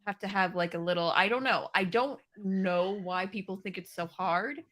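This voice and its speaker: Bright-voiced woman chatting on a podcast. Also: mid-range voice, normal speed. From New England. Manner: jokey, lively storyteller. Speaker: podcast co-host. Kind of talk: casual chat.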